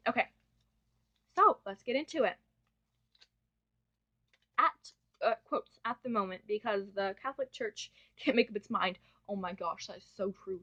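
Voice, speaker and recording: A woman's voice: mid-range voice, normal speed, long pauses, pushed and bright. A young woman chatting through a casual book review, gushing and often breaking off to correct herself. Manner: gushing, chatty, self-interrupting. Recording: dull lo-fi home recording.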